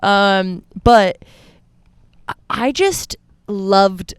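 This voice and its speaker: A woman's voice: medium pitch, very slow, smooth, no room sound. A woman co-hosting a podcast in a playful, rambling, giggly way. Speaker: podcast co-host. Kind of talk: casual chat.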